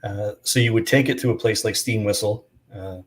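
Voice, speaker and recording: A man hosting a casual beer chat, talking in a relaxed, conversational way. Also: lowish voice, a little fast. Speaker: host.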